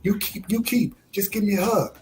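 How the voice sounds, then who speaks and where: A man's voice: sits high, moderate pace, darkish tone, slight background noise, voice pushed up, close to an everyday voice. A man voicing a flirty, insistent woman barber in a raised, sing-song voice.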